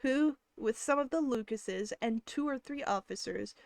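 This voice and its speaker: A woman's voice: fairly high pitch, unhurried, creaky, no echo. Woman reading a novel aloud on stream. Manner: steady narration with casual asides. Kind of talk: live-stream book reading.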